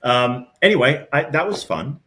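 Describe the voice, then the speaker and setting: Man, New York accent, middle-aged, podcast co-host, rambling storyteller, mid-pitched. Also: normal speed. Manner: rambling, animated storyteller with many restarts. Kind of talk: casual chat and storytelling.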